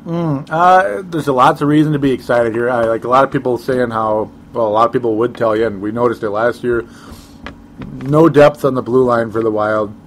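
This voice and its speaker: A man's voice: mid-range voice, a little fast, slight background noise. A man co-hosting a sports talk show, rambling casually with chuckles and sarcastic asides.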